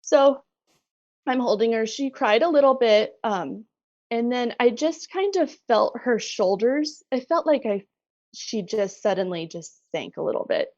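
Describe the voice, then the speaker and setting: A middle-aged woman telling her story as a podcast guest, animated and laughing often. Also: fairly high pitch, unhurried, no room sound, dull audio. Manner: animated retelling, laughs often, acts out quoted voices. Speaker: guest, bereaved mother. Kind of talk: conversational storytelling.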